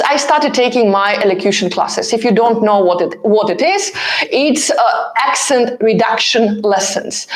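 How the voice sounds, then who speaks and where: A woman in her thirties, not a native English speaker, hosting a live Q&A and answering viewers bluntly and eagerly, with lots of fillers. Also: a little high. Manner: blunt, animated and pushy, with many fillers. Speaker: host answering viewer comments. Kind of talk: live-stream Q&A chat.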